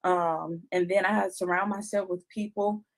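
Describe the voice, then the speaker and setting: A woman's voice: fairly low pitch, fairly even intonation, normal speed. A woman co-hosting a casual podcast chat, speaking candidly and acting out her own self-talk. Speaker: podcast co-host.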